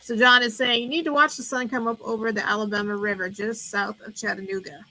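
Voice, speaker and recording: A woman's voice: on the high side, steady tone, fast, sharp tone, rough recording. A woman co-hosting a casual chat from a warehouse, eager and encouraging, laughing often. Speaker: co-host.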